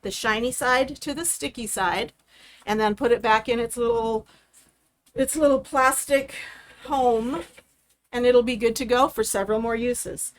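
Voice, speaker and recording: A woman's voice: fairly high pitch, measured pace. A woman hosting a live craft demonstration, walking through each step in a chatty, explaining way. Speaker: craft host.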